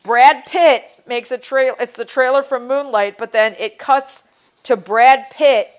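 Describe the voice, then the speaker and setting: Young female co-host, loose rambling delivery, higher voice, casual chat. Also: fairly even intonation, measured pace, smooth. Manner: rambling, many fillers and restarts. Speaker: podcast co-host.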